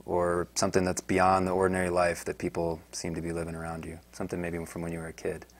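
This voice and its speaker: A man's voice: deep voice, completely flat delivery, fast. A man interviewing a guest, asking brief, prompting questions.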